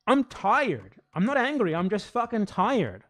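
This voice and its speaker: A man's voice: high voice, huge pitch swings, unhurried, a bit bright. A man hosting reaction commentary, exasperated and argumentative, swearing often as he rebuts. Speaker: commentary channel host.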